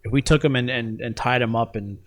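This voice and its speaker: A man co-hosting a podcast, dropping short dry jokes and asides in casual chat. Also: medium pitch. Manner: dry quick quips and joking asides.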